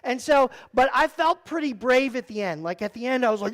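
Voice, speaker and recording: A man leading a church youth group talk, telling a personal story in an animated, joking way, full of "like" and "um". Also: extremely high pitch, a little fast, a little hiss or hum. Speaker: youth pastor.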